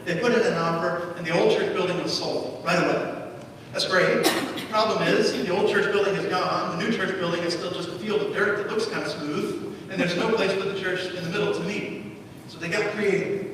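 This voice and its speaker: Male pastor, higher voice, storytelling sermon with dry wit; distant mic, long church reverb. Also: a bit bright, slight background noise. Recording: echoey church hall from far off.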